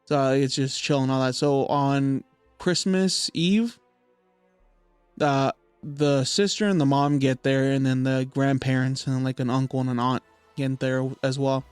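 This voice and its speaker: A man's voice: mid-range voice, fairly even intonation, measured pace, darkish tone, clear, resonant tone, no room sound, soft background music. A young man hosting a podcast, casually retelling a spooky story with lots of fillers and swearing. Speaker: podcast host.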